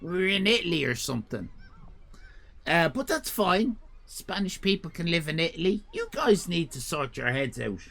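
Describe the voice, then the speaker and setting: A man's voice: on the high side, sing-song, moderate pace, creaky, fairly bright tone. A man telling a rambling, profane comic story on a livestream, full of fillers and restarts. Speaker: streamer.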